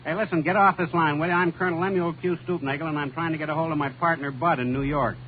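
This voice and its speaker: A man's voice: fairly high pitch, fairly even intonation, quick pace. Rambling braggart comic, male, vintage radio sound, thin and narrow. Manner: bumbling, boastful, rambling. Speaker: comedy double act partner. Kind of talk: 1930s radio comedy dialogue. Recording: tinny old radio broadcast with faint hiss.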